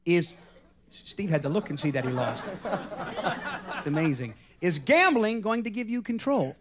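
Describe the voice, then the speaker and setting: Animated joking man hosting a game show. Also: high-pitched, moderate pace, crowd noise. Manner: animated, joking, teasing contestants. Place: television studio stage. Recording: archival TV broadcast with loud studio audience.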